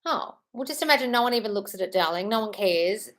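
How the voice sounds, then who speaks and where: A woman's voice: medium pitch, lively intonation, fast, fairly bright tone. A woman hosting a casual live stream, chatting in a scattered, apologetic way while answering viewer comments.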